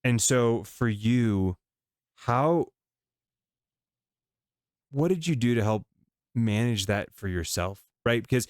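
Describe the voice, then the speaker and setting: Male interview host, resonant low voice, dry close recording, encouraging tone. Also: takes it slowly, long pauses, no room sound. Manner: supportive, frequent short affirmations. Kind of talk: conversational interview.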